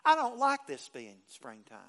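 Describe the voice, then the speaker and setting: Pastor, male, high bright voice, folksy conversational sermon delivery. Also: wildly swooping pitch, normal speed. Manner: folksy, conversational preaching with repeated restarts.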